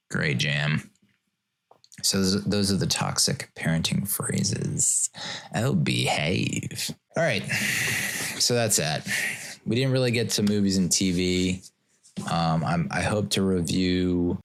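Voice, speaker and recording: A man in his thirties hosting a solo podcast, talking in a rambling, self-mocking way and slipping into sarcastic mock-formal voices. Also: sits low. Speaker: podcast host. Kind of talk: casual solo podcast monologue.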